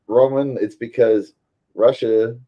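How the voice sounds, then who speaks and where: A man's voice: medium pitch, fairly even intonation, slow, dull audio. A laid-back, opinionated man co-hosting a casual livestream chat over a call.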